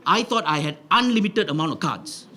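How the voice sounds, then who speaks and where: Bright, high-voiced comedian. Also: male voice, a little fast. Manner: animated, punchy, tags lines with "right?". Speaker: stand-up comedian. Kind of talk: stand-up comedy storytelling. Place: live comedy venue with audience laughter.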